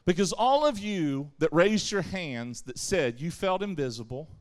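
A man preaching a sermon to young people at a camp, lively, acting out the voices he quotes and answering his own questions. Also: on the high side, unhurried. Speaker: camp speaker.

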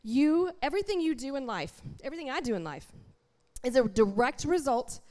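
A woman preaching a sermon in a church, talking straight to the congregation in an animated, conversational way. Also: high-pitched, fairly quick.

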